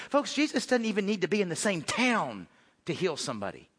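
Bright-voiced male pastor preaching in a hall. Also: sits high, huge pitch swings, a little fast, slightly rough. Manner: conversational preaching, swings from loud to hushed. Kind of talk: sermon.

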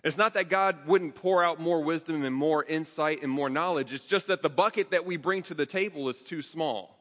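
A man preaching a sermon to his congregation, earnest, with quick restarts and repeated words. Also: a little high, a bit bright, big-room sound. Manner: earnest, rapid with frequent restarts.

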